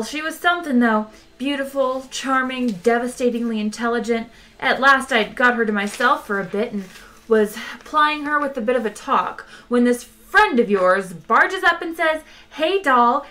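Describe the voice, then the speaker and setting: A woman's voice: on the high side, pushed and bright, pitched above the performer's own voice. A woman reading aloud, voicing an ordinary English man who speaks sharply, coldly and insistently.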